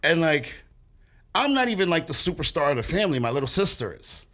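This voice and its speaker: Young man, podcast guest, slangy, swearing, lively pitch, bright voice. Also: brisk. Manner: animated, swearing, slangy, laughs often. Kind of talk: casual chat.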